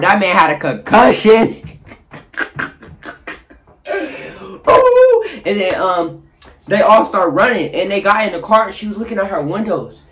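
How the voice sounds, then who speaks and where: Man, storytime vlogger, higher-pitched voice, lively delivery full of sound effects, recorded in a bathroom. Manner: acts out scenes with sound effects and shifting voices. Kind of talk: animated storytelling. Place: bathroom, sitting on the toilet.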